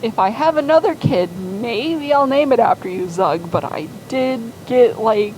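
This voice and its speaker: A woman's voice: a little high, lively intonation, a little slow, darkish tone, a little hiss or hum, pitched above the performer's own voice, rough recording. A blunt, sardonic mother figure teases and cuts down others in a slightly raised, easy voice, as a woman acts her out. Her delivery stays dry and matter-of-fact. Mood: teasing. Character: blunt, sardonic female boat owner, a mother.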